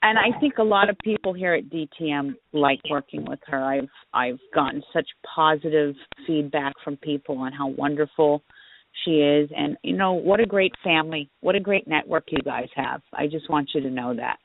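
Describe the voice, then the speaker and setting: Over a tinny phone line with faint hiss, a talk radio host chats casually with her guest, gushing and adding warm-hearted asides. She has a low voice and speaks at a moderate pace.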